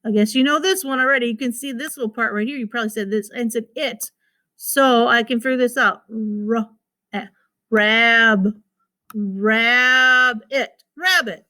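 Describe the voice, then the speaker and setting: A woman's voice: a little high, normal speed, sharp tone. A woman teacher giving a recorded phonics lesson to children, patiently repeating words and sounding out their syllables.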